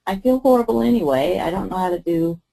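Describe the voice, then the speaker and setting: A frustrated young wife spills her hurt to a friend in an improvised role-play, acted by a woman. Her voice sits low and gravelly, and she talks in a venting, exasperated way. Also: lively intonation, fast talker, warm tone, rough recording. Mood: upset.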